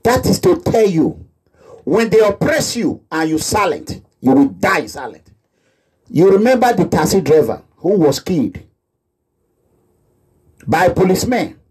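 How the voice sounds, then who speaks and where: A man's voice: high voice, big pitch swings, a little slow, a little mellow, breathy edge, rough recording. A man giving an impassioned address to listeners, repeating his points for emphasis.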